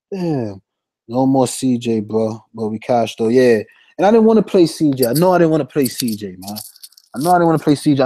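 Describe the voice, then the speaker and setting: A young man streaming fantasy sports picks in casual chat, slangy and animated, reading out chat shout-outs. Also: mid-range voice, no room sound.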